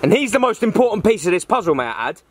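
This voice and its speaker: Guy acting in a street skit, lively tone, lots of outside noise. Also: sits high, fast talker. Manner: confrontational, keeps telling people to calm down. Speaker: host and lead of a scripted street film. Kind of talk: acted first-person drama. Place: outdoors in town streets. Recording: outdoor noise, traffic.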